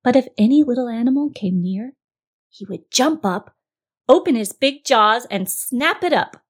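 A woman narrates a children's story in a lively, expressive reading voice. She often turns to speak directly to the young listener, like a storyteller at bedtime. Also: fairly high pitch, moderate pace, slightly rough.

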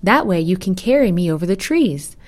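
A woman voicing a talkative, proud male turtle who speaks loudly and indignantly. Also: lowish voice, big pitch swings, fairly quick. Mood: boastful, pleading. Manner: loud, pleading and proud.

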